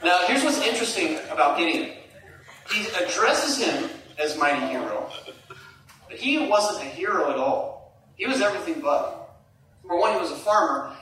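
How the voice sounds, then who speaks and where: A middle-aged man preaching a sermon, animated, climbing to high emphatic peaks and dropping to hushed asides. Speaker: pastor. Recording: echoey hall, distant mic.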